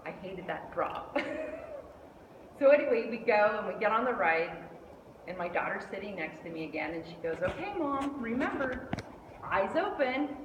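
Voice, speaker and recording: A middle-aged woman giving a lively storytelling speech, acting out the voices of the people in her story. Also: on the low side, moderate pace, long pauses, distant mic, slight background noise. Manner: animated, acts out quoted voices. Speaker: speaker at a speech club. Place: meeting hall indoors. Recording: echoey hall, mic from afar.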